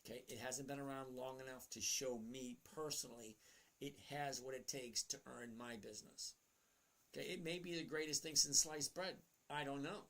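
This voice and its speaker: A man's voice: mid-range voice, fairly even intonation, normal speed, fairly bright tone. A man in his sixties hosting a casual livestream, reading viewer questions and answering them bluntly and chattily. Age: 60s. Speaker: host.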